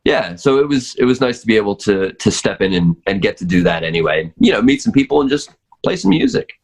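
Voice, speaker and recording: Rambling low-voiced male drummer guest. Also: sing-song, quick pace, creaky. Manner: rambling, many fillers and restarts. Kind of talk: casual chat.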